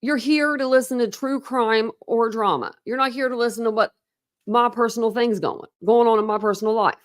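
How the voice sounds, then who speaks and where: A woman hosting a true crime channel rants through heated commentary on online drama. She swears freely and keeps repeating herself as she works herself up. When she reads documents aloud, her tone slows and turns mocking. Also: fairly high pitch, steady tone.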